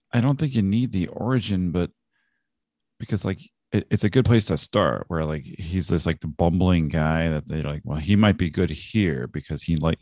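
Gravelly low-voiced man chatting about a film. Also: no echo, clean studio sound. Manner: animated, acts out quoted dialogue, laughs often. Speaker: film discussion co-host. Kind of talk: casual film discussion.

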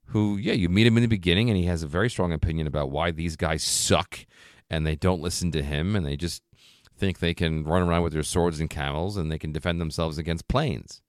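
Low-voiced man musing about a film. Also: a little fast, no echo, studio quality. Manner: thoughtful, rambling, frequent fillers like "you know" and "like". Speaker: film discussion co-host. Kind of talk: casual film discussion.

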